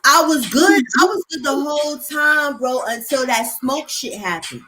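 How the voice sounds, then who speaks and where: A young woman telling stories in a casual chat, animated and profane, acting out the voices of people she quotes. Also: high-pitched, normal speed. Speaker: host.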